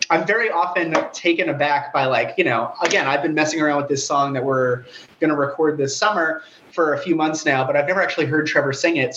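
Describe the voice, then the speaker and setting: A young man with a relatively high, nasal voice, chatting animatedly as a guest on a remote interview. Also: highs cut off, a little hiss or hum. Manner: fast, animated, talkative, self-deprecating. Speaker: guitarist and songwriter, guest. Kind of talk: casual interview chat.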